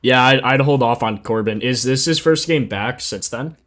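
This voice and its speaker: A man with a mid-range, fairly bright voice speaks at a moderate pace. He's hosting a sports betting livestream, chatting casually in a laid-back, slangy way while reading stats aloud and answering chat, still sleepy from just waking up.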